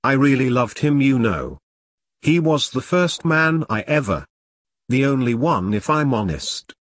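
A man's voice: medium pitch, sing-song, unhurried, no echo, studio quality. A man voicing a fierce, foul-mouthed woman in an audiobook, speaking bluntly and defiantly. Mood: tender. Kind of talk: audiobook character reading.

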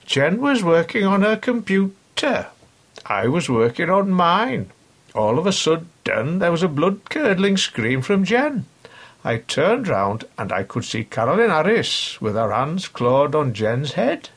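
Give me a man playing a shrill, excitable woman witness with a very husky, gravelly rasp. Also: measured pace, full character voice. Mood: aghast.

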